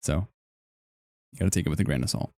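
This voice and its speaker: Young dude streamer rambling and joking with chat, low mellow voice, dry close sound. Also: male voice, fast talker, dry recording. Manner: rambling, jokey, reacts to chat. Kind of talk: casual live-stream chat.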